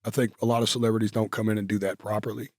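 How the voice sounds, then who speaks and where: A man's voice: lowish voice, level tone, rapid-fire, darkish tone, dry recording, studio quality. A male guest telling stories in a casual interview, rambling with many fillers and restarts. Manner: rambling, filler-heavy, with self-corrections.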